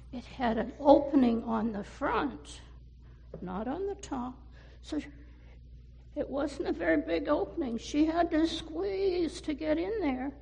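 A woman telling a cautionary story to children, pausing to ask her listeners questions. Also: high-pitched, gravelly, darkish tone.

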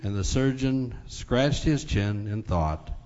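Male preacher, folksy storytelling sermon, filler pauses; dull, hall-echoing sound. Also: fairly low pitch, expressive, darkish tone. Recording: dull recording in a large hall.

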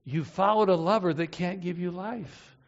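A man preaching a sermon, emotive, moving between hushed and impassioned delivery. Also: high voice, normal speed. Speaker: pastor. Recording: reverberant hall, dull lo-fi sound.

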